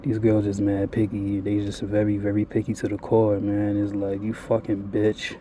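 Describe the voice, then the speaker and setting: Speaking straight to camera, the vlogger rambles bluntly through a confessional, cursing without restraint. His voice is low, very dark and relaxed, holding a flat, steady pitch at a normal pace, with slight hiss or hum on the recording.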